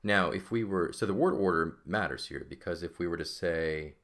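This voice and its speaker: A man's voice: deep voice, moderate pace, few pauses, a bit bright. A man teaching a classical Greek grammar lesson, explaining step by step and often checking in with "right?". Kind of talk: classroom lecture.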